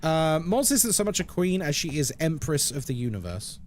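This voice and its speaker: A man's voice: fairly high pitch, very animated, moderate pace, slight background noise. A man in his thirties, a live-streamer casually chatting with his viewers and answering chat playfully. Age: 30s.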